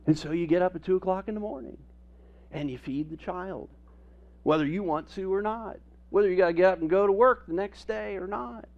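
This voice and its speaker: A male pastor delivers a sermon in a lively, humorous storytelling way. His voice sits a little high for a man. The recording is somewhat dull and lo-fi. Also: brisk, gravelly.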